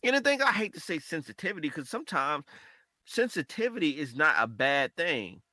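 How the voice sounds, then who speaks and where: A man with a slightly high, bright, forceful voice talks in a lively, animated way on a podcast, recorded close and dry with no room sound around him. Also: a little fast, dry recording. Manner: animated, acts out quoted conversations. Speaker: podcast co-host. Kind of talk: casual podcast chat.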